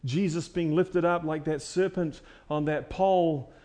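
A man. He swings between loud, ringing declarations and quiet, hushed lines, and repeats key phrases for weight. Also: fairly high pitch, steady tone, measured pace. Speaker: preacher. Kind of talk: sermon.

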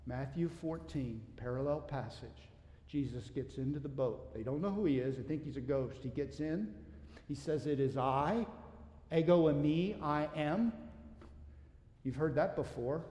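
A man preaching a sermon, building to emphatic, forceful peaks and then dropping to quiet, low asides. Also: animated, unhurried. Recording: echoey hall, long reverb.

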